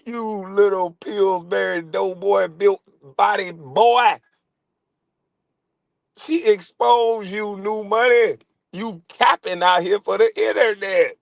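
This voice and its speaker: A fairly high-voiced man with a brash, teasing way of talking, ribbing his targets and jumping into shouted squeaky impressions. His voice is close and dry, with no room around it. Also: no room sound. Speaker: livestream host. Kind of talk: casual live-stream commentary.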